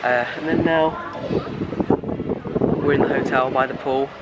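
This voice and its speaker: A man's voice: medium pitch, fairly even intonation, measured pace, dull audio. A young man, chatting casually to the camera in an upbeat travel vlog, with lots of fillers. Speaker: vlogger. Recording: loud outdoor ambient noise.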